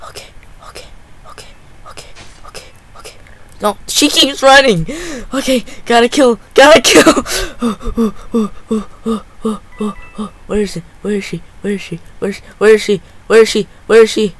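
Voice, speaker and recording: A man giving excitable live gameplay commentary, full of gasps and repeated exclamations. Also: high-pitched, normal speed, few pauses. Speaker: gaming channel host.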